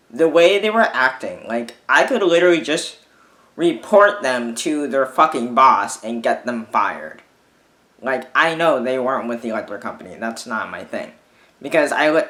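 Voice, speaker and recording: Guy venting on his vlog, swears a ton, bright voice, echoey room. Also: mid-range voice. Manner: swears a lot, exasperated, rambling with restarts. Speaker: vlogger. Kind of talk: ranting casual monologue.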